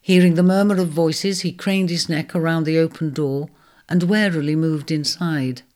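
A woman narrating a storybook in a measured, expressive reading. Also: low voice.

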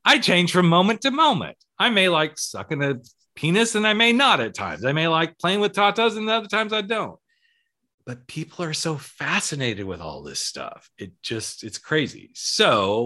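A middle-aged man hosting a casual talk show, telling stories with lots of acted-out quoted dialogue. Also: mid-range voice. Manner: animated storyteller acting out quoted dialogue. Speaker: podcast host and coach. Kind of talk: casual chat.

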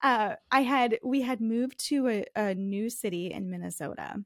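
A woman's voice: on the high side, a little slow, no echo, clean studio sound. A woman in her thirties with a Northeastern US accent, a podcast guest telling her story in a candid, chatty way. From farming community in the US. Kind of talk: podcast interview.

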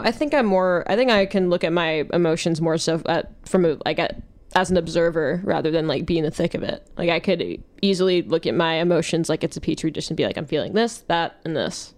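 Young woman, podcast host, lowish voice, casual chat, rambling, reflective. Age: young adult. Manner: rambling and reflective, many fillers.

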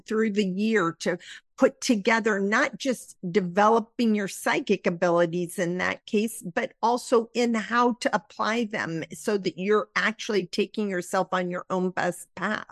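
A woman's voice: medium pitch, no room sound. A woman guest on a podcast, a psychic medium, explaining her work in an earnest way. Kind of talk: casual interview talk.

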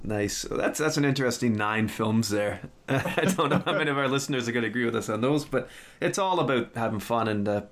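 A man hosting a podcast, chatting in a quick, playful, argumentative way. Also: mid-range voice, lively intonation, fairly bright tone. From lives in Scotland. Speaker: podcast host. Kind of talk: casual chat.

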